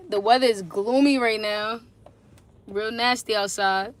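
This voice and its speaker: A woman's voice: mid-range voice, steady tone, measured pace. A tired woman talking casually to viewers on a phone live stream, chatty and slangy, greeting them again and again. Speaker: livestreaming mom.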